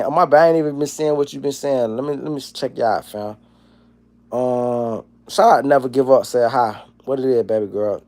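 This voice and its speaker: A man in his forties hosting a casual livestream, rambling and profane, dropping to low mumbles and then breaking into loud, animated rants. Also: normal speed. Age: 40s. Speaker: livestream host. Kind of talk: casual livestream chat, reading chat comments.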